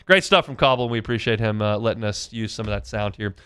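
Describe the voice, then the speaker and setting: A man hosting a sports talk radio show, chatting in a conversational, animated way with fillers and restarts. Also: on the low side, fast, smooth. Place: radio studio. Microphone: studio microphone.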